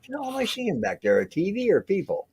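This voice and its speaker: A man's voice: high-pitched, huge pitch swings, quick pace, a little mellow, breathy edge. An older man in a casual video call chat, teasing his friends and laughing often.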